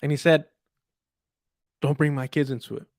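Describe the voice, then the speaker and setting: A man's voice: on the high side, fairly even intonation, moderate pace, no echo, clean studio sound. A young man giving angry, profane political commentary, mocking others with sarcastic quotes.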